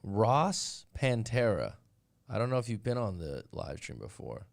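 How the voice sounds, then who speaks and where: A middle-aged man with a lowish, sing-song voice and some vocal fry speaks a little slowly while hosting a live stream as a dating and breakup coach. He's casual, candid and blunt, telling stories and acting out little quoted voices along the way.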